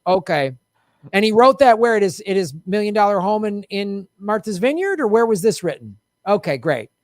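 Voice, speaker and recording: An indignant man hosting a political talk show, his pitch swinging wide as he gets fired up. The sound is dry and close, with no room around it. He slips into mocking voices when he quotes people. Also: very animated, normal speed, dry recording. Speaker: podcast host. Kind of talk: casual political chat.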